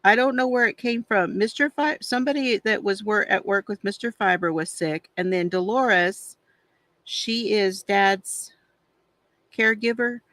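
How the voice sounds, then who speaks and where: A woman's voice: mid-range voice, measured pace, fairly bright tone, no room sound. A middle-aged woman hosting a craft livestream, chatting casually and confidingly while she colors, with frequent sighs. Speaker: craft channel host.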